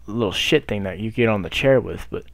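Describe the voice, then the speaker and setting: A young man giving loud, profane gameplay commentary, hyped up and talking back to the game on screen. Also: lowish voice, brisk, dry recording. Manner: loud, hyped, swears constantly, talks to the game. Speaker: gaming YouTuber.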